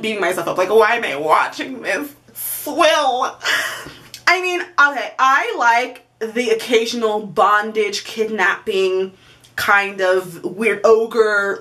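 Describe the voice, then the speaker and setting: A young woman talks straight to camera in a loose, confessional vlog, rambling and self-mocking with plenty of "like" and "you know." Her voice sits fairly high for a woman, and she keeps breaking into little acted-out quotes and laughter. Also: a bit bright. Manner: chatty, rambling, self-deprecating, with lots of fillers. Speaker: vlogger.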